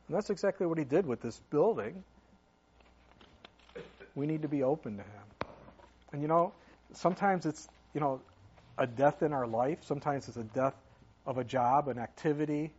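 A man's voice: mid-range voice, darkish tone, breathy edge, dull audio. A man preaching a sermon as pastor, talking in an earnest, conversational way with many fillers.

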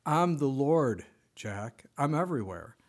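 A man voicing God as a calm, dry-humored figure who speaks unhurried and matter-of-fact. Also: mid-range voice. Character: calm, dryly wry male voice of God.

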